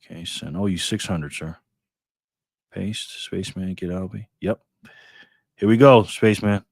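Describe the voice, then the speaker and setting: A man's voice: deep voice, a little slow, vocal fry, a little mellow, no room sound. Man, livestream host, casual chat, laid-back, dry close sound. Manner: laid-back, greets viewers by name, says "man" and "bro" often. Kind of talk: casual livestream chat reading viewer comments.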